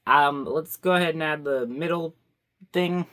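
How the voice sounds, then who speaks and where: A man's voice: fairly high pitch, a little slow, fairly bright tone. A young man rambling to himself in a goofy, offhand way while he draws. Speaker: artist vlogger. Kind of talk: casual talk while drawing.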